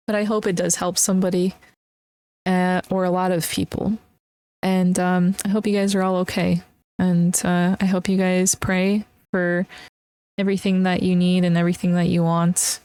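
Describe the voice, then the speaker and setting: Young female solo podcaster, lowish voice, heartfelt and encouraging, casual delivery. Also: darkish tone, clear, resonant tone. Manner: earnest, emotional, encouraging. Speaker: podcast host.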